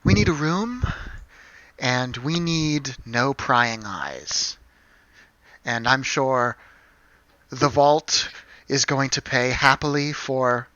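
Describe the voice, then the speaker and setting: A man voicing a proper, grateful woman enforcer who speaks formally and politely, with measured pauses. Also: medium pitch, pushed and bright, no echo, muffled recording. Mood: commanding.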